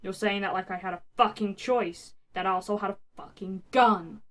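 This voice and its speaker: A woman voicing a gruff, foul-mouthed young male fighter who snarls sarcastic insults. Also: high-pitched, fairly even intonation, measured pace, pushed and bright. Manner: snarling, sarcastic, swears constantly.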